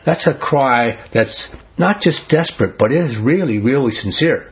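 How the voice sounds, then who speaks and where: Male Bible study leader, husky and earnest, quizzes the group; muffled lo-fi recording. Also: medium pitch, expressive, normal speed. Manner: earnest, asks the group questions. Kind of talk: conversational Bible teaching. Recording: dull lo-fi recording.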